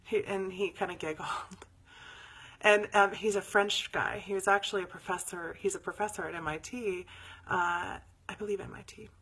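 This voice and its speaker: A woman hosting a live spiritual show, telling a story in a chatty, animated way and sometimes dropping to near whispers before leading a meditation. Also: mid-range voice, normal speed, a little hiss or hum.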